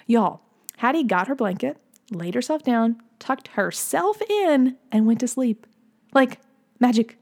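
A woman's voice: medium pitch, lively intonation, moderate pace, darkish tone. A woman in her thirties hosting a podcast as a pediatric sleep consultant, telling a family story in a chatty, effusive way. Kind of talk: casual podcast monologue.

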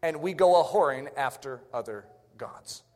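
A man's voice: on the high side, expressive, normal speed, darkish tone. A male preacher delivering a sermon in a church, emphatic, often repeating his rhetorical questions. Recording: echoey hall reverb.

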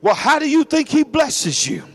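A man preaching a sermon, swinging from shouted declarations to low, drawn-out asides. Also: huge pitch swings, faint music behind. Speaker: pastor.

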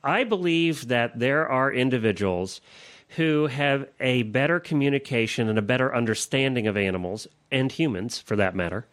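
A man hosting a casual interview, easygoing and quick to laugh, with halting restarts when making a point. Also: medium pitch, expressive, a bit bright. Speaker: podcast host.

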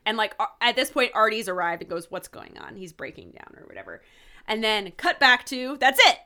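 A woman's voice: on the high side, fairly quick. A woman co-hosting a podcast, casually retelling a TV episode with lots of "like" and acted-out quotes. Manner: animated retelling, many "like"s, acting out quoted lines. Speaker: podcast co-host. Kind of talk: casual chat recapping a TV episode.

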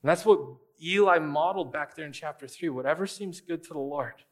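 A man preaching a sermon in a conversational style, asking the congregation rhetorical questions and adding quick asides. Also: a little high. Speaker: pastor.

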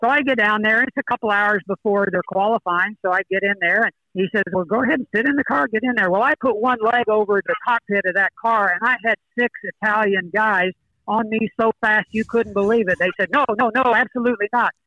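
An older man, a golfer, telling animated stories as a guest in a podcast interview. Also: high voice, brisk, no echo, low-quality recording. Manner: storytelling, animated.

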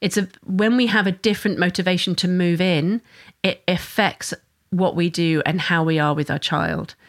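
A woman's voice: lowish voice, steady tone, normal speed. A mother and parenting educator giving an earnest, flowing solo talk, often restarting her sentences. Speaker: mother of a young son.

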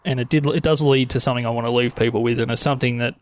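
Aussie male podcast host, mid-pitched voice, easygoing slangy interviewer. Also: steady tone, rapid-fire. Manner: friendly, plain-spoken, slangy. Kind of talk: casual interview.

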